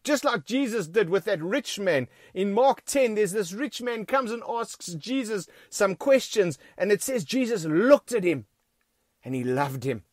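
South african pastor guy preaching hard, repeats stuff, keeps saying friends, high voice, dry sound. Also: lively intonation, unhurried, dry recording. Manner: emphatic preaching, repeats key phrases, addresses the congregation as friends. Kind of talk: sermon. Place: church.

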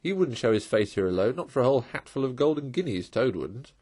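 A man's voice: medium pitch, very animated, fast, darkish tone, breathy edge. A man doing a soothing, good-natured water rat. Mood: cheerful. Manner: soothing, reassuring.

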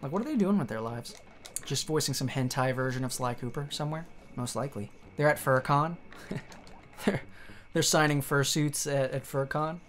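A man giving profane, joking commentary as he plays a video game, reacting loudly to the screen. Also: mid-range voice, normal speed, a little hiss or hum. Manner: excitable, swearing, joking at the screen. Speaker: let's play streamer.

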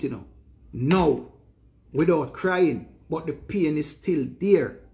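A grieving man with a Jamaican accent, talking emphatically and repeating himself in patois. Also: a little high. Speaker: vlogger. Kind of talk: emotional monologue to camera.

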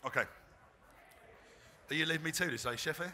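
A man's voice: a little high, a little fast, background noise. A man, a chef giving a live cooking demonstration, chatty and self-deprecating. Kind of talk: live cooking demo talk. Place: trade fair demo stage.

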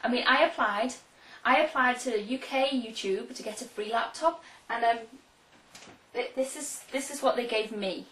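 A woman's voice: fairly high pitch, normal speed, a bit bright, echoey room, recorded from a distance, low-quality recording. A woman co-hosting a mock awards preview, teasing her partner with dry sarcasm. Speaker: co-host of a video preview.

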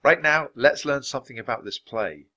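A man reading a storybook aloud, voicing a cautious, shy young boy who talks in a hurried, reluctant way. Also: mid-range voice, lively intonation, bright, forceful tone, pitched above the performer's own voice.

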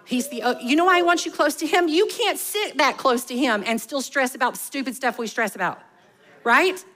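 A woman's voice: high-pitched, expressive, fairly quick, fairly bright tone. A woman, preaching a conversational sermon full of rhetorical questions. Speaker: pastor.

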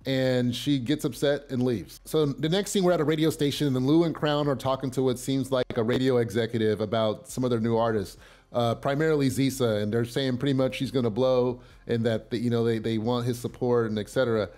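Recapping a TV episode in a brisk, mid-range voice, this man keeps things chatty, full of fillers and repeated starts. At the major moments, he gets loud and worked up.

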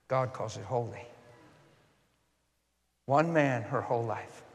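A man preaching a storytelling sermon, swinging from hushed asides to loud, impassioned peaks. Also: mid-range voice. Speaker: guest preacher. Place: church sanctuary. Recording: long church hall reverb.

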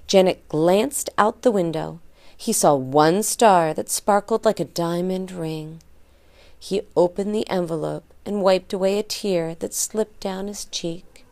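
A woman reading a children's story aloud for a lesson, slow and deliberate. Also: lowish voice, darkish tone. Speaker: story reader.

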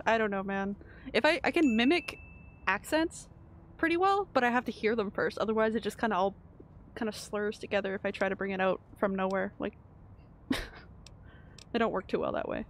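A woman's voice: mid-range voice, a little hiss or hum. A Canadian woman streaming a video game, chatting casually with her viewers and laughing often. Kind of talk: casual gameplay commentary.

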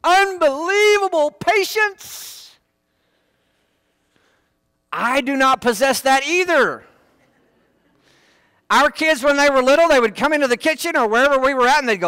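A man's voice: very high-pitched, lively intonation, a little slow, pauses often, pushed and bright, no room sound. A man preaching a sermon in church, folksy and full of joking asides. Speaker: pastor.

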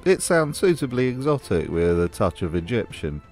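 A man narrates a scripted commentary in a dry, sarcastic way. His voice sits slightly low, with faint music running underneath. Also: sing-song, normal speed, a little mellow. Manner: wry, sarcastic. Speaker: host.

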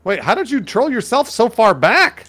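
A man's voice: very high voice, very animated, moderate pace, pushed and bright. A man chatting casually with friends over a game, upbeat and encouraging, laughing easily. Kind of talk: casual gaming chat with friends.

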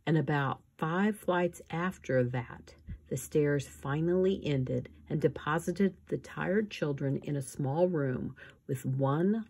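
Slow, low-voiced woman reading aloud. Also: a little mellow, slightly rough. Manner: reads all parts, voices shifting between characters. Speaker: reader. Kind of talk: audiobook reading.

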